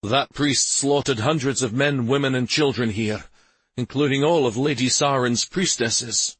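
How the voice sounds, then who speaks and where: A man's voice: mid-range voice, a little slow, a bit bright, husky, no room sound, pitched above the performer's own voice. A man voicing a dutiful cavalry captain giving a formal, grim report.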